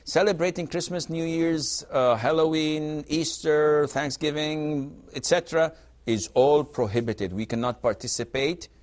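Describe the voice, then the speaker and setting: A man's voice: a little high, unhurried. A man answering viewers' religious questions on a call-in TV show, speaking emphatically and acting out quoted exchanges. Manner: lively, emphatic, acts out quoted dialogue.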